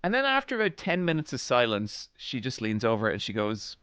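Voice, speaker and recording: A man streaming live, telling a funny story to his chat in a casual, animated way, laughing and quoting others. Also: mid-range voice, a little fast, smooth, no room sound. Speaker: streamer host.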